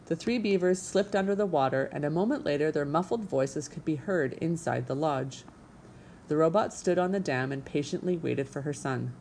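A woman reading a children's storybook aloud as the narrator in a steady, clear voice. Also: low-pitched, moderate pace, slight background noise. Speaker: audiobook narrator.

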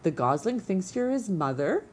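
A woman voicing a shy young male beaver who speaks quietly. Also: medium pitch, very animated, moderate pace, slight background noise, natural voice. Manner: quiet, soft.

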